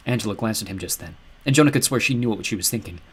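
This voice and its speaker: A man's voice: on the low side, racing, fairly bright tone, husky. A man narrating an audiobook, telling the story expressively and voicing its characters. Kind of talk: scripted narration.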